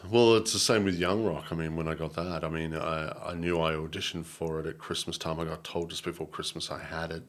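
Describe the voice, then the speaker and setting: Man, very low voice, guest actor, casual interview, jokey, rambling. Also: fairly even intonation, brisk, hardly any pauses. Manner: jokey, rambling, laughs often.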